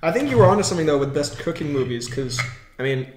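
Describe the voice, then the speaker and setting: A man's voice: a little high, expressive, fast. Teasing man talking with his mouth full. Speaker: podcast co-host. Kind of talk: casual mukbang chat. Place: room, eating at a table. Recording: echoey room, faint table noise.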